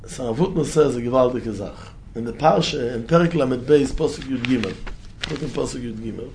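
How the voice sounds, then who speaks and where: A man teaching a Torah lesson as a rabbi, chanting quoted verses in a singsong and climbing high when he stresses a point. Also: fairly quick, gravelly, darkish tone, a little hiss or hum.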